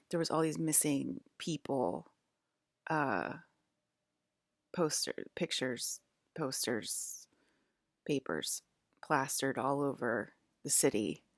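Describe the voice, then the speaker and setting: Very low-voiced rambling woman. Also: takes it slowly, dry recording, clean studio sound. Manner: meandering, many fillers and restarts. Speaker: vlogger. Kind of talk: casual rambling monologue.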